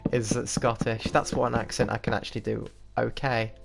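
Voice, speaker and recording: A man's voice: medium pitch, steady tone, unhurried, vocal fry. A young man from the UK with a slightly posh English accent, chatting in a rambling way while playing a game and laughing at himself. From United Kingdom. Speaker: gaming YouTuber. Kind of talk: casual gameplay commentary. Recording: noisy recording with mouse clicks.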